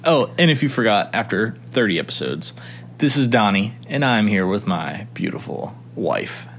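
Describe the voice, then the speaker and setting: A man's voice: fairly low pitch, sing-song, normal speed, a bit bright, a little hiss or hum. Playful young man co-hosting a podcast. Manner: playful, jokes with his voice. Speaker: podcast co-host. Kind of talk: casual chat.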